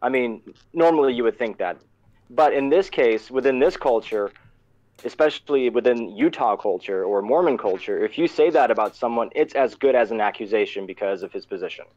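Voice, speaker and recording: A man's voice: medium pitch, lively intonation, brisk, a little mellow, dull audio. A man co-hosting a casual live discussion, explaining his points with many restarts over an online call.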